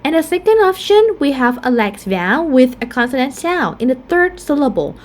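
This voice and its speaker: A woman's voice: sits high, big pitch swings, normal speed. A woman teaching pronunciation, explaining stress rules and saying each example word twice with fillers like "um" and "like". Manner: casual fillers like "like" and "um". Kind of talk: slow explanatory lesson.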